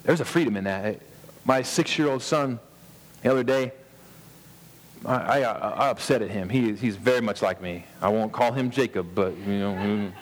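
A man in his thirties preaching a sermon as a pastor, earnest, pausing for emphasis and often restarting his words. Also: on the low side, big-room sound, slight background noise.

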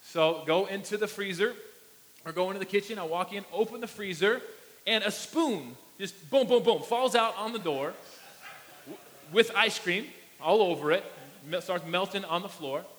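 A man preaching a sermon and telling a family story in an animated way, acting out his small son's voice. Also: high-pitched, normal speed. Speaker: pastor. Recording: long reverb of a large hall.

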